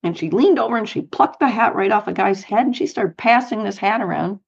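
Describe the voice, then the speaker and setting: A middle-aged woman recounts her travels as an interview guest, animated and given to light laughs. Her voice sits at a middle pitch. The recording sounds dull and lo-fi. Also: brisk, creaky, breathy edge. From United States, Colorado. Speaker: guest, author and speaker. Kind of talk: storytelling interview.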